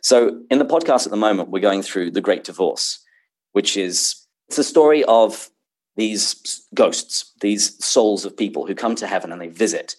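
A man, speaking as a podcast guest in casual interview chat, articulate and quick to laugh. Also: lowish voice, husky, rough recording.

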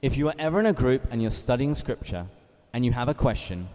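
A man from England, giving a measured teaching talk to a live group, reading scripture slowly and asking his listeners questions. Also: mid-range voice, lively intonation, mellow. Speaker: Bible study speaker. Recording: reverberant hall.

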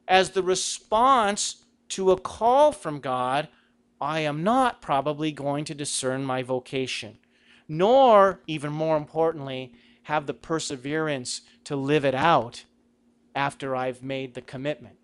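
A man's voice: a little high, takes it slowly, smooth. A middle-aged man giving a conversational talk on Christian vocation, asking rhetorical questions. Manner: acts out quoted lines with a raised voice. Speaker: Catholic speaker.

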